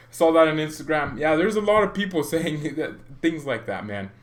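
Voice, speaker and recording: Animated man chatting on a livestream. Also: moderate pace. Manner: animated, chatty, laughs often, pitch jumps when excited. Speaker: fan channel host on a livestream. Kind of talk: casual livestream chat.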